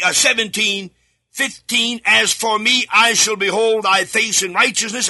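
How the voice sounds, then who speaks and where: A man preaching a sermon alone in a studio, reading scripture aloud and repeating key words, sometimes breaking into shouts. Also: high voice. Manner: reads scripture aloud with verse references.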